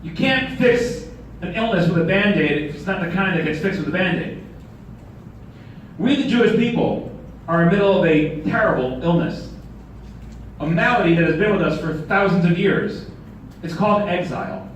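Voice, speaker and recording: A man's voice: sits high, animated, normal speed, long pauses. A man giving a sermon as a rabbi, telling a story with humor and rhetorical questions. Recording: echoey hall, distant mic, faint noise.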